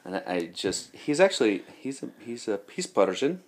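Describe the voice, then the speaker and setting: A man's voice: fairly low pitch, sing-song, moderate pace. A man, a comedian hosting a podcast, telling crude stories in casual, profane chat. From New York. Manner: profane, laughing storyteller.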